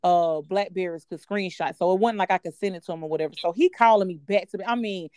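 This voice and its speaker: A woman co-hosting a podcast, telling a personal story in a candid, profane and animated way. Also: lowish voice, fast, dry recording, studio quality. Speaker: podcast co-host. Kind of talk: casual storytelling chat.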